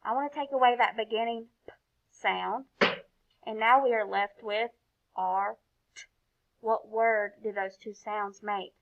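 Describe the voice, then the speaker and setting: A woman's voice: on the high side, steady tone, a little slow, a bit bright. A woman teaching a recorded phonics lesson to young children, sounding out each letter and praising often. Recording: dull, lo-fi recording.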